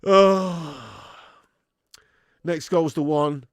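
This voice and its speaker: A man's voice: a little high, extremely slow, dry recording. A man hosting a live football watch-along, swearing often and reading out viewer messages. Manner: sweary, animated, reads viewer messages aloud. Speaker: fan channel host.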